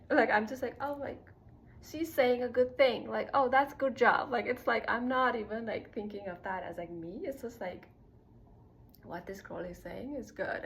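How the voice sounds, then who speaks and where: A woman's voice: on the low side, a bit bright, a little hiss or hum, low-quality recording. A young woman vlogging a casual personal monologue, rambling with lots of "like" fillers and laughing at herself. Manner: rambling, heavy use of "like" fillers.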